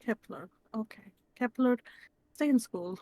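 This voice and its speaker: A woman playing a calm advising woman. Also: fairly high pitch, no echo. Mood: firm. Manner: calm, measured, gently stern.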